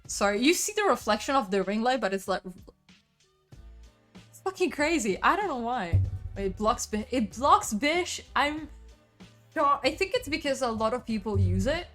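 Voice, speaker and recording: A woman's voice: fairly high pitch, very animated, moderate pace, long pauses, a bit bright, soft background music. A woman with an Italian accent, a native Italian speaker, chatting casually with her stream viewers, laughing often and swearing freely. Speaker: livestreamer.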